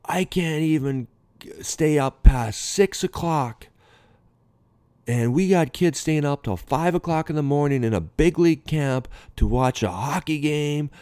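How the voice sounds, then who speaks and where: A man imitating an angry middle-aged baseball manager who yells at his players and coaches in exasperation. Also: a little high, animated, a little slow, clear, resonant tone, no room sound, pitched above the performer's own voice. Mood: furious yelling. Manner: yelling, exasperated.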